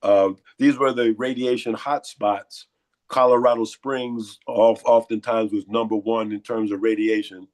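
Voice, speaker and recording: A hoarse, congested man giving lecturing interview answers and firing off repeated rhetorical questions. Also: on the low side, little pitch movement, unhurried, a little mellow. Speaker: guest.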